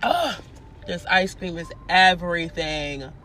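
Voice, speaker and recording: A young woman tells a story in a loose, profane, animated way, jumping into the voices of the people she quotes. Her voice sits at an ordinary pitch, and soft music plays faintly behind her. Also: slow pace. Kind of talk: casual storytelling.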